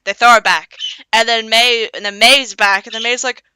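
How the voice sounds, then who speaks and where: Bright rambling woman streamer. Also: a little high, fairly even intonation, moderate pace, clear, resonant tone, no room sound. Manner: rambling, with many restarts and acted-out character lines. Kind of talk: casual storytelling on stream. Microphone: desk streaming mic. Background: faint pop music.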